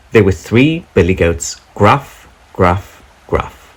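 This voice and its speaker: Slow, lively husky storyteller man. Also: sits low, low-quality recording. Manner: sing-song, expressive, rhyming delivery. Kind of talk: children's storybook read-aloud.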